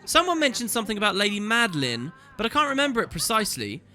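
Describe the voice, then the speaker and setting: A man's voice: high voice, huge pitch swings, quick pace, pushed and bright, voice pushed up, exaggerated voice. A man doing a doddering polite servant. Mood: fussy. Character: forgetful old household servant, polite and fussy.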